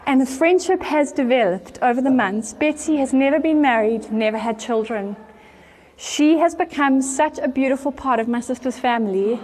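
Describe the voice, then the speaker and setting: A woman pastor, telling a story in an animated way during a sermon. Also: high voice, normal speed. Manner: animated storyteller, acts out voices with laughter. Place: church.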